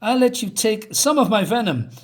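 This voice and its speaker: A man's voice: high voice, animated, moderate pace, pitched above the performer's own voice. A man voicing a pathetic male snake beast who whines and pleads, reading from a comic. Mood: pleading. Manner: whiny, pleading.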